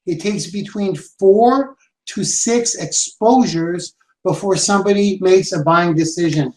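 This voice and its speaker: A man giving an energetic sales training talk, repeating his key points for emphasis. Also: high voice, a little slow. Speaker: sales and branding coach. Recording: roomy echo.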